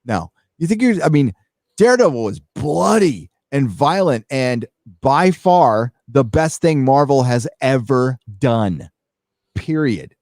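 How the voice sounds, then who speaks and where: A man's voice: mid-range voice, a little mellow, no room sound, studio quality. A man hosting a livestream, ranting casually with lots of swearing and fillers while reading donations. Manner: emphatic, swears freely, many fillers. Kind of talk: profane casual rant.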